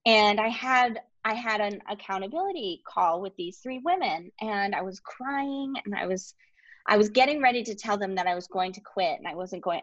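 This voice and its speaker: A woman in her thirties telling a personal story as a podcast guest, animated, with lots of filler words. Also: medium pitch, dry recording, muffled recording. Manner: animated, many "like" fillers, laughs often. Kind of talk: storytelling in casual interview.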